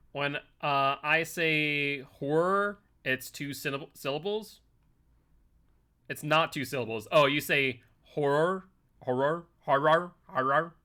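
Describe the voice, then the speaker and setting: Slow, pushed, and bright, this man's voice sits on the high side as he livestreams a horror game. He's chatty, reading chat aloud and teasing playfully while commenting on his gameplay.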